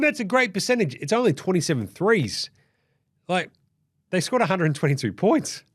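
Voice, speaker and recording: A man with an Australian accent hosting a basketball recap show, swearing freely and acting out what the players might have said. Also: a little high. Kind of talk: casual profane game recap.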